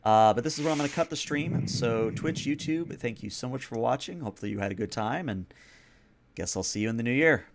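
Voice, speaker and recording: A man running a tabletop vampire game as game master, narrating in a relaxed, casual way with fillers. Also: medium pitch, brisk, vocal fry, slight background noise.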